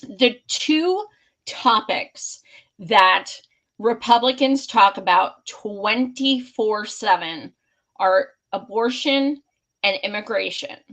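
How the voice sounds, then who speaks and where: A woman's voice: medium pitch, animated, takes it slowly, a bit bright, rough recording. A woman hosting a podcast, talking politics in a blunt, heated, profane way. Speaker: podcast host. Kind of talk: casual political chat.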